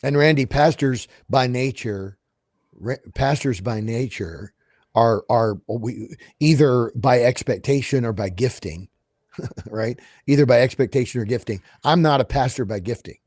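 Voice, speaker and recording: A man's voice: medium pitch, measured pace, no echo, clean studio sound. A man who is a pastor, hosting a podcast in a casual chatting way. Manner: quiet affirming interjections.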